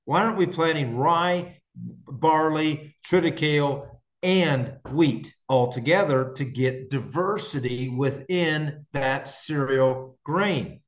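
A man's voice: fairly high pitch, slow pace. A man hosting a farming podcast, from Indiana, chatting casually and enthusiastically with listeners and answering their questions, with plenty of restarts. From Indiana, United States. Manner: rambling, enthusiastic, frequent restarts. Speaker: podcast host and farmer. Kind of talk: casual live-stream chat answering questions.

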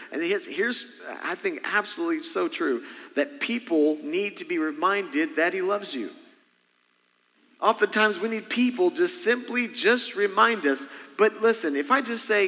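A man's voice: high-pitched, pushed and bright, in a large hall, poor audio. A man preaching a sermon as senior pastor, asking the congregation frequent rhetorical questions.

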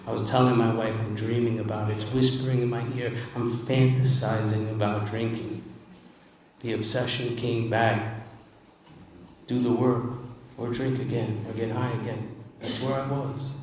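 A man's voice: mid-range voice, flat delivery, normal speed, crowd noise. Man, emphatic recovery-meeting speaker, testimony, distant mic, echoing hall. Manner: emphatic, conversational, repeats words for emphasis. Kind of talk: personal testimony speech. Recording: echoey hall, distant mic, faint ambience.

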